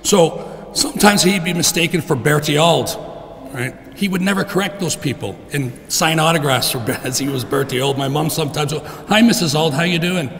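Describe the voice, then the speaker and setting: A middle-aged man giving a heartfelt funeral eulogy for his father in a church, clearing his throat often. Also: on the high side, moderate pace, a bit bright. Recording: long reverb in a church.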